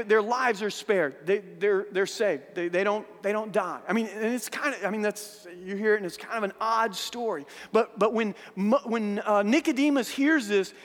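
A man with a very high voice preaching in a church hall, his words trailing into a long reverb. He tells a Bible story in an animated way, restarting and repeating words as he goes. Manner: animated storytelling, acting out voices of biblical figures. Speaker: pastor. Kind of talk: sermon.

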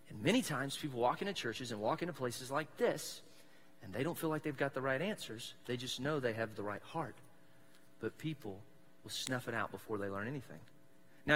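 His mid-range voice is bright and forceful. He's a pastor from South Mississippi with a Southern accent, preaching a casual, joking, self-deprecating sermon in a chatty manner inside a church sanctuary, where long hall reverb lingers.

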